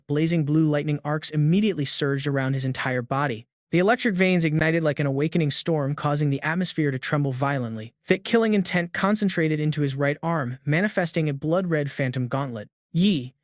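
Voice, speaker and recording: A man's voice: fairly high pitch, no room sound, studio quality. A man narrating a dramatic story recap in a scripted, storytelling manner.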